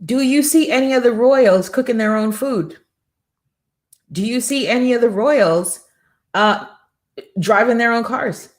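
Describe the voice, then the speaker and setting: Hosting a morning show, a middle-aged woman delivers a faith-based motivational talk in a slightly high, slightly slow voice with long pauses. Her rhythm is emphatic and preacherly, and she keeps returning to rhetorical questions.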